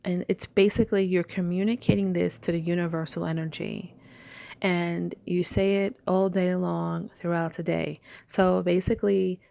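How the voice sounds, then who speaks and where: Spiritual teacher, woman, low gravelly tone, chatty storyteller, dry close sound. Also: dark tone, no room sound. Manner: chatty storytelling with filler words. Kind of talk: casual spiritual talk.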